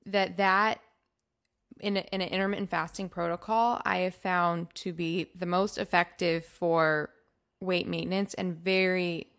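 A woman's voice: lowish voice, fairly even intonation, a little slow, a bit bright, clear, resonant tone. A young woman co-hosting a podcast, speaking carefully and thoughtfully in casual chat, qualifying her points with lots of "like". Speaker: podcast co-host.

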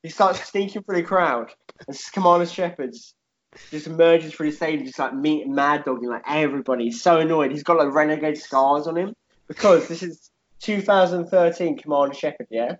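A man's voice: a little high, brisk, lo-fi sound, slight background noise. Man rambling through a wild story. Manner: rambling, animated, frequent "yeah?" tags and swearing. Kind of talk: casual chat, telling a made-up fight story.

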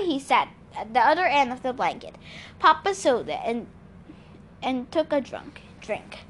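A woman reads a novel aloud in a plain storytelling manner. Her voice is high, with a faint hiss of noise in the background. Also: sing-song, unhurried, fairly bright tone. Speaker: audiobook reader.

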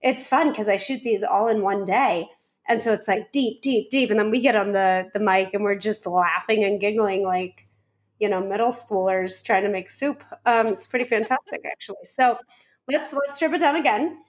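A woman's voice: mid-range voice, moderate pace. A woman hosting a podcast in loose, chatty talk, giggling and running off on tangents. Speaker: podcast host. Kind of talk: casual podcast chat.

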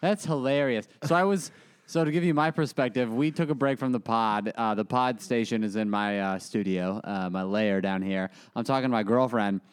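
A man, co-hosting a casual podcast and telling the story in a joking, animated way. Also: mid-range voice, normal speed, clear, resonant tone. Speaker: podcast co-host. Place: home podcast studio.

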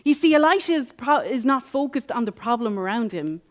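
Woman with a high voice teaching the Bible. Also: lively intonation, brisk. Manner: repeats key phrases and asks rhetorical questions.

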